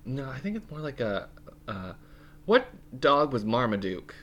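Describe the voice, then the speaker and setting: A man's voice: mid-range voice, sing-song, measured pace, fairly bright tone, dull audio. A man co-hosting a casual podcast, joking around and reading a sponsor ad. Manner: playful, jokey interjections. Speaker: podcast co-host. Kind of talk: casual chat and ad read.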